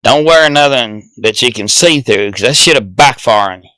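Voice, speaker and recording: A man's voice: mid-range voice, expressive, normal speed, sharp tone, dry recording. A man, a podcast guest telling crude stories in casual chat and laughing through them.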